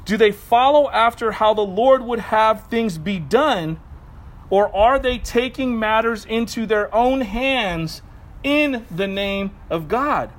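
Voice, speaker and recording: High-voiced man preaching a casual sermon. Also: slow, poor audio. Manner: conversational, animated, self-correcting asides. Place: outdoors.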